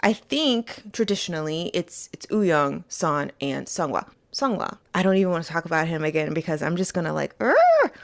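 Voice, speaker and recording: A woman hosting a casual fan commentary monologue, playful and animated, talking straight to her listeners from a small closet. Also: deep voice, normal speed, creaky, few pauses. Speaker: host.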